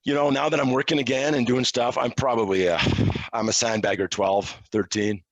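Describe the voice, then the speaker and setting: A middle-aged man from Quebec, a podcast guest telling casual, self-deprecating stories in a relaxed way. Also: medium pitch, fairly quick, no room sound, highs cut off. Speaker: interview guest, hockey officiating analyst. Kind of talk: casual storytelling.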